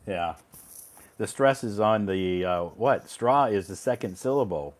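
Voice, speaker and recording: A man hosting a live online English pronunciation lesson, talking in a relaxed, chatty way and reading out viewers' answers. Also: lowish voice, unhurried.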